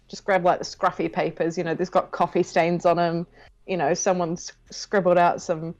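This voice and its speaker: A woman's voice: fairly low pitch, flat delivery, fairly quick, a little mellow. A woman playing a tabletop game, chatty and rambling, swearing casually. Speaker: player. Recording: dull lo-fi recording.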